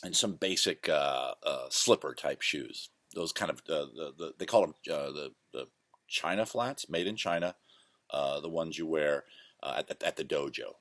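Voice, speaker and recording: A man's voice: rumbling low, normal speed, a bit bright, dry recording. A man hosting his own show, casually telling rambling, self-correcting stories from his past. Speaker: host. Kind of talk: casual storytelling monologue.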